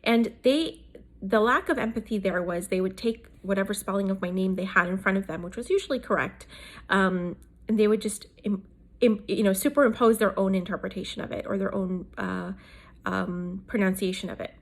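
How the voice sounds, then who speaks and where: A woman's voice: mid-range voice, fairly quick. A woman in her thirties, from South Asia, talking casually about leadership in a thoughtful way, with many fillers and restarts. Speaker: host.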